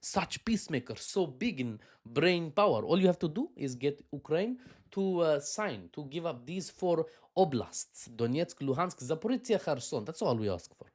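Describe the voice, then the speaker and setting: A man voicing a sly, flattering middle-aged Russian leader in a mock Russian accent, sweet-talking and wheedling. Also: a little high, moderate pace, pitched above the performer's own voice.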